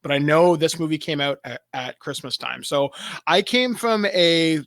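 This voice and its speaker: A man from Canada telling stories in casual chat, animated and swearing often. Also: on the high side, normal speed, no echo, clean studio sound.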